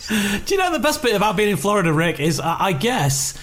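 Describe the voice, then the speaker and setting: A man's voice: high voice, very animated, a little fast, fairly bright tone, soft background music. A man hosting a casual comedy chat, amused and laughing easily. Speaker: host. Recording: noisy recording with clicks.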